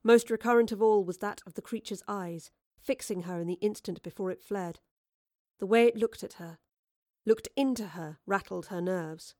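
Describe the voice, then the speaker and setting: A woman reading an audiobook in a measured, expressive storytelling voice. Her pitch sits mid-range and the recording is dry and close-miked. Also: dry recording. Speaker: audiobook narrator. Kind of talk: scripted audiobook narration.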